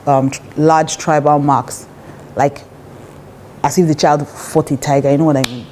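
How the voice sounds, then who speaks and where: A woman's voice: sits low, mellow, slight background noise. A woman with a Nigerian accent giving relationship advice in a casual, emphatic talk, often acting out the voices of people she quotes.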